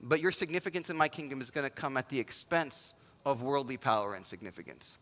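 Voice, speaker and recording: A man's voice: medium pitch, animated, fast, a bit bright, in a large hall, pitched below the performer's own voice, natural voice. A man voicing a patient, earnest teacher. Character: patient earnest teacher gently warning his followers.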